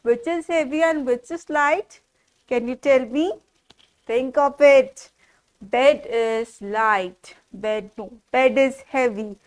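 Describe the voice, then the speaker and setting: A woman teaching small children, repeating words in a slow, sing-song way and asking them questions. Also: high-pitched. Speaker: preschool teacher. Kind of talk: classroom lesson for small children.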